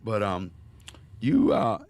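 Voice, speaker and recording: A man's voice: lowish voice, wildly swooping pitch, slow pace, a little mellow, dry recording. A man hosting a podcast, asking easygoing, joking questions peppered with fillers. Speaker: podcast host. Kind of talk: casual podcast interview.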